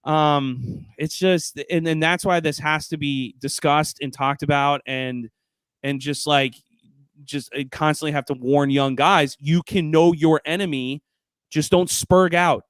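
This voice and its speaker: A man talking as an interview guest in casual conversation, excitable, laughing often and using plenty of fillers. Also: a little high, measured pace, smooth, no echo.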